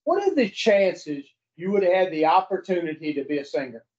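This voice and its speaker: Blunt high-voiced man teaching a group. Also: sing-song, fairly quick, darkish tone. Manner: folksy, blunt, swears, quizzes the audience. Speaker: recovery group speaker. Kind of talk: casual teaching talk to a group. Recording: dull lo-fi recording.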